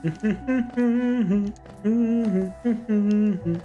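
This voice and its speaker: A man's voice: high voice, drawn-out words, mellow, lo-fi sound, faint music behind. A man streaming a video game, chatting casually with playful, reactive commentary.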